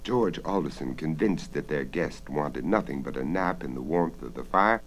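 Man, deep voice, very expressive, storybook narration, hushed suspenseful whispers. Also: moderate pace, slight background noise. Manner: dramatic, dropping to hushed whispers. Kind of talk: storybook reading.

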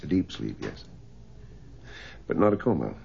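An actor playing a doctor, speaking calmly and steadily to worried parents. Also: male voice, extremely low pitch, gravelly, slight background noise, exaggerated voice. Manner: calm, measured, reassuring. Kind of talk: film drama acting. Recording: dull muffled film audio.

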